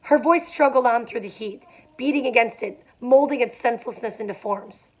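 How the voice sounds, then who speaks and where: A woman's voice: fairly high pitch, moderate pace, a little mellow. Young woman reading a novel aloud. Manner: casual asides with fillers. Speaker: reader.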